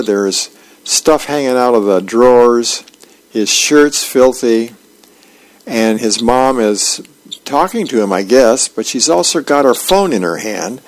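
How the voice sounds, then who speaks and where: A man's voice: mid-range voice, rough recording. A man, a volunteer reader, reading the newspaper aloud on the radio with small stumbles.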